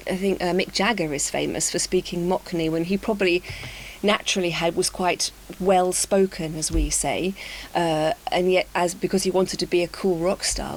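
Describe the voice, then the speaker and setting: A woman's voice: on the low side, low-quality recording. A woman chatting casually as co-host, laughing easily. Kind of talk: casual discussion. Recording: faint hiss.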